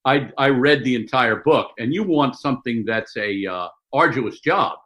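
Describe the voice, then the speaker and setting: Older male guest, animated anecdote-teller, mid-pitched voice. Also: low-quality recording. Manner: animated storyteller, quick asides and mock voices. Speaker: sportswriter guest. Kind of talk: conversational interview storytelling.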